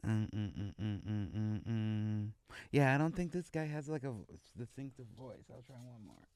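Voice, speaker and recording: A man guesting on a podcast, soft-spoken and laid-back in casual chat. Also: lowish voice, normal speed, smooth.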